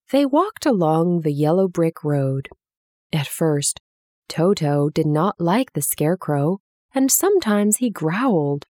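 A woman reading a children's story aloud in a clear, expressive way. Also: deep voice, a little slow, dry recording, studio quality.

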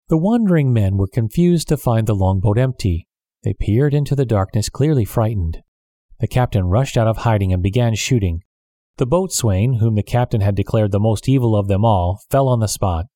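A man reads an adventure chapter aloud at a steady, measured pace. His voice is mellow and dark, and the close microphone gives a dry sound with no room around it. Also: on the low side, no echo. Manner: measured, even storytelling. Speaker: narrator. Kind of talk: scripted audiobook narration.

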